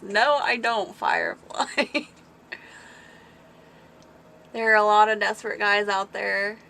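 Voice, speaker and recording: A woman hosts a relaxed livestream in a bright, forward voice, talking at an easy, unhurried pace. She rambles through stories, answers her chat aloud and breaks into frequent laughter. A faint hum sits under her voice. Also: medium pitch. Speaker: livestream host reading viewer chat. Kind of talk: casual chat.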